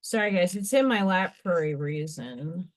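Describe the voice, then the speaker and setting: A woman hosting a craft livestream, chatting casually and excitedly while she works and talks to herself. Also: fairly low pitch, normal speed. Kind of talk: casual live-stream chat while crafting.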